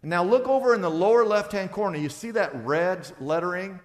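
A male pastor preaching a sermon, acting out back-and-forth dialogues in a lively, conversational way. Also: high voice, a little fast, long reverb tail.

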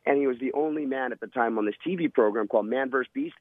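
A man's voice: medium pitch, fast, no room sound. Man, former navy seal, dramatic storyteller, interview guest, phone-line sound.

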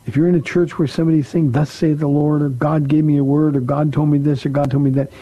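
Male pastor, call-in radio host; husky, dark, conversational teacher. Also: a little high, flat delivery, fast talker, low-quality recording. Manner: conversational, repeats words for emphasis.

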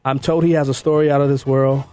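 A middle-aged man hosting a talk radio show, joking and animated, introducing a guest. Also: mid-range voice, fast. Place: radio studio. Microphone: studio mic.

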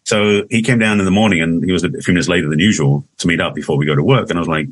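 A man in his sixties with an English accent speaks quickly in a deep, slightly husky voice. He rambles and restarts his sentences in easy conversation. The recording is dry and close. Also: expressive, no room sound. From England. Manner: rambling, restarts often, laughs easily. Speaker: guest. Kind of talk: casual interview conversation.

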